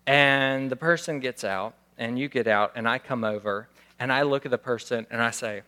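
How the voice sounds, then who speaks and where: Bright-voiced male pastor preaching. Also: mid-range voice, sing-song, normal speed, hardly any pauses. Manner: conversational, acts out scenes with raised voice. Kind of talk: sermon.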